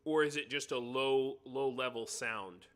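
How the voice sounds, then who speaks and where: A man's voice: mid-range voice, fairly even intonation, measured pace, a bit bright. An American man hosting a live stream, chatting casually and joking while he adjusts his sound setup. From United States. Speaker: livestream host. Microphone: computer mic on a live stream.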